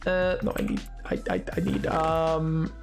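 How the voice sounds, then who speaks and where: Young man, high-pitched, live-stream chatter, lively storyteller who laughs a lot. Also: measured pace, soft background music. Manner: animated storytelling, laughs often, mocking voices. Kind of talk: casual live-stream chat while gaming.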